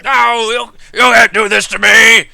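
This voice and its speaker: A man voicing a disgraced, deranged male commander who sputters and shouts frantically. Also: high-pitched, flat delivery, measured pace, gravelly, no room sound, studio quality, pitched above the performer's own voice, full character voice. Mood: frantic.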